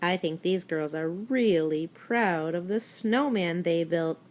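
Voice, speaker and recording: A woman's voice: on the low side, slow, a little mellow. A woman teacher giving a recorded spelling lesson to young children, talking them through words and spelling them out letter by letter. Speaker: elementary school teacher.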